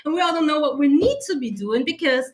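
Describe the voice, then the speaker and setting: Woman coach with a high voice, blunt and sweary, animated, teary-eyed from an allergy. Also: fast. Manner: blunt, heavily profane, animated. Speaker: self-concept coach. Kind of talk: casual spoken monologue.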